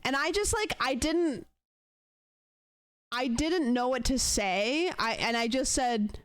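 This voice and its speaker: A young woman streamer telling a long story to her live chat in a casual, animated way, acting out the lines of the people in it. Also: on the high side, clear, resonant tone, no room sound, clean studio sound. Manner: chatty, animated retelling with acted-out quotes.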